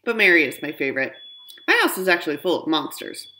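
A woman reading a children's storybook aloud in an animated, expressive way. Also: sits low, fast talker. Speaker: reader.

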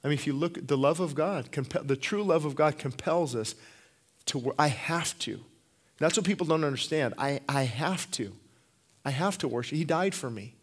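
A middle-aged man preaches with fervent, pressing conviction, his voice sitting a little high for a man. He often doubles back, repeating words and restarting phrases as he drives his point home. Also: normal speed, slightly rough. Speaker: pastor. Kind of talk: sermon.

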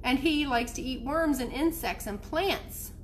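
Woman putting on an eager little boy, high and bouncy, storybook reading. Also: lively intonation, unhurried, a little hiss or hum.

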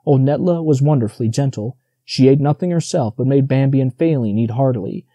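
A man narrating an audiobook in a steady, measured reading. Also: medium pitch, breathy edge, no room sound.

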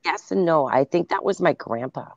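A woman calling in to a show speaks in a very deep, gravelly voice, keeping her replies soft and short. Her sound comes through as dull, lo-fi call audio. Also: expressive, moderate pace. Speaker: caller. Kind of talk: call-in conversation.

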